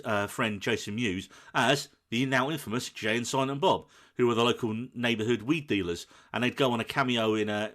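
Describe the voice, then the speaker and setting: A man co-hosting a film podcast, telling a scene with lively, acted-out quotes. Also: mid-range voice. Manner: animated storytelling, acts out quoted lines. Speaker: podcast co-host. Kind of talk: casual film chat.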